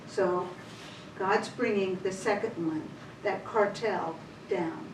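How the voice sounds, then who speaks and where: A woman's voice: mid-range voice, slow pace. A woman teaching a women's Bible study, retelling scripture in a chatty, everyday way. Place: church meeting room. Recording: roomy hall, distant mic, faint hiss.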